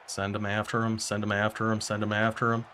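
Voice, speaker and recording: Gaming YouTuber, male, lower voice, running self-commentary over gameplay with a faint hiss of noise. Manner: talks to himself while playing, quick bursts of excitement and frustration.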